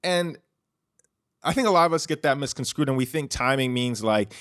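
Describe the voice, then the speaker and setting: A man with a clear, resonant, fairly bright mid-range voice hosts a solo podcast, animated and moderately paced. His chatty monologue is packed with "like" and "you know" and restarts, captured on a close studio mic with no echo.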